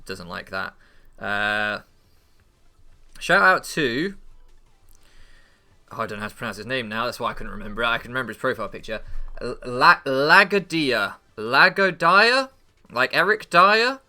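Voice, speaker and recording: Gravelly English man, rambling casual chat. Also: fairly low pitch, lively intonation, moderate pace, pauses often, sharp tone. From England. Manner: rambling, swears freely, loses his train of thought; stumbles and repeats words. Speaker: channel host and league player.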